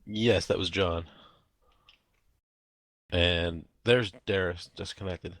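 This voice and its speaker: A man's voice: low voice, steady tone, slow pace, a bit bright, no echo. A man chatting casually as a player in an online tabletop game, rambling on between turns. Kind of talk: casual chat over online voice chat.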